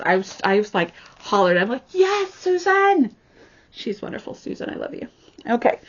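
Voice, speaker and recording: Gravelly-voiced chatty woman crafter. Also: fairly low pitch. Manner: chatty, gushing, snarky asides, frequent restarts. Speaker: cross-stitch vlogger. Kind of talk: casual show-and-tell chat. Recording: slightly dull lo-fi sound.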